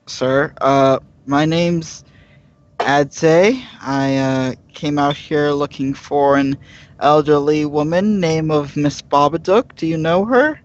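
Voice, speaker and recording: Slow-talking man playing a tabletop game. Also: on the high side, no room sound, lo-fi sound. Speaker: player. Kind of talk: in-character tabletop role-play.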